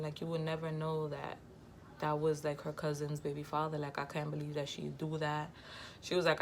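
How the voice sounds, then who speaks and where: Low-voiced woman telling a blunt story. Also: a little hiss or hum. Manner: candid, emphatic slang-filled storytelling. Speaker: vlogger. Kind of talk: storytime vlog.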